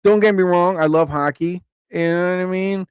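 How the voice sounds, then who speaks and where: A man's voice: normal speed, clear, resonant tone, no room sound. Rambling, laughing male comedian host. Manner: rambling, animated, laughs often, acts out quotes in higher voices. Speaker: live show host, comedian. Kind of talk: casual storytelling to a live stream.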